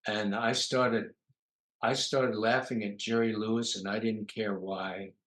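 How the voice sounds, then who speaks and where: In a roomy-sounding recording, an older comedian from New York, USA, tells lengthy anecdotes as a guest in a casual interview, filling pauses with "uh." His fairly low, fairly bright voice stays flat in pitch and unhurried.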